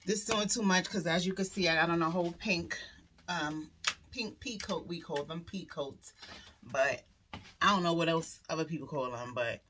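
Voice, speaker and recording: A young woman talks straight to camera in a loose, profane vlog rant. Her voice sits a little low, swinging between heated venting and hushed asides. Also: normal speed, background noise. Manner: frustrated venting, profane and animated, drops to quiet asides. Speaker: vlogger. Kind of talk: casual vlog talk to camera.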